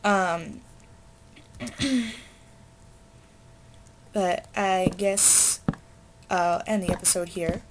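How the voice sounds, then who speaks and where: A teenage girl talks her way through a game in a loose, rambling chat, full of fillers and side stories. Her voice sits at an ordinary middle pitch. A faint hiss runs under the recording. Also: fairly even intonation, drawn-out words, long pauses. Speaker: gamer. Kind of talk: casual let's play chat.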